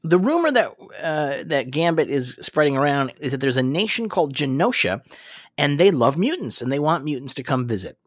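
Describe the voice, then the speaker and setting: A man's voice: a little high, brisk, dry recording, studio quality. A man co-hosting a podcast, chatting casually and profanely as he recaps a cartoon, laughing often. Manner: laughs a lot, profane, excitable. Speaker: podcast co-host.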